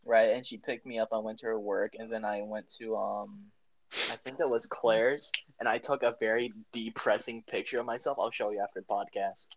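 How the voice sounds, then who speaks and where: A man's voice: on the low side, fairly even intonation, brisk. A young man co-hosting a podcast, telling a personal story in a rambling way, full of "like" and restarts. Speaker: podcast co-host. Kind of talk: casual storytelling. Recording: dull lo-fi podcast audio.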